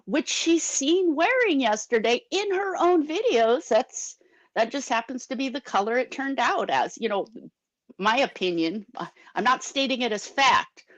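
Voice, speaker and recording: Woman, higher voice, opinionated chatter, dry close sound, video call. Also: animated, a little slow, no room sound, low-quality recording. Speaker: panelist. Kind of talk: casual commentary chat.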